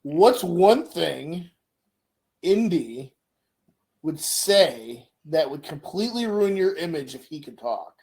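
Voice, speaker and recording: A middle-aged podcast co-host speaks slowly in a slightly rough, a little high voice during casual chat. He's an animated storyteller who asks questions and performs voices.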